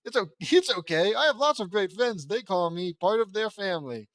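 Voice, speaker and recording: A brave young superpowered heroine with wings talks plainly, read by a male narrator. The voice sits a little high. The recording is dry and close. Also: lively intonation, moderate pace, a bit bright, dry recording. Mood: earnest.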